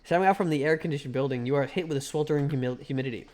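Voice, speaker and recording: A slightly high, darkish male voice rattles along very fast as he streams a game. He reads the game aloud and chats casually with viewers, cracking irreverent jokes and breaking off to thank chat, with faint music in the background.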